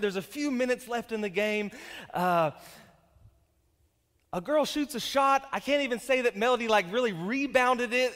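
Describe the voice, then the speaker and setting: High-voiced pastor in an echoing church. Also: male voice. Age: 30s. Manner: energetic storytelling with jokes, rising to shouts. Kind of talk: sermon. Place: church sanctuary. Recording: long reverb of a church hall.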